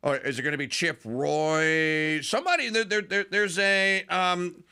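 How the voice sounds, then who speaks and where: A man's voice: high voice, a little slow, pushed and bright, clear, resonant tone. A man hosting a political talk radio show, delivering a sarcastic, mocking monologue and sometimes mimicking politicians.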